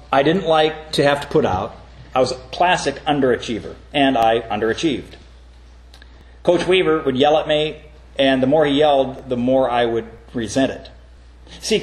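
A middle-aged man preaching a sermon, telling stories earnestly and rising into emphatic, pitched-up points. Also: reverberant. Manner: earnest storytelling with sudden emphatic rises. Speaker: pastor.

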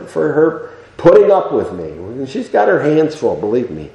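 A man's voice: mid-range voice, normal speed, gravelly, slight background noise. Old guy in his 70s preaching, folksy, keeps restarting, voice goes all over the place, churchy echo. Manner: folksy and conversational, with repeated restarts; lively, rising to emphatic exhortation. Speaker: pastor. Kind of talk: sermon.

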